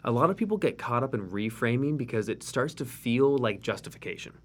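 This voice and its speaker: A man's voice: mid-range voice, animated, a little fast, a little hiss or hum. A man co-hosting a casual podcast chat, walking through examples and acting out what people might say. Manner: conversational, acts out examples in quoted voices. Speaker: co-host.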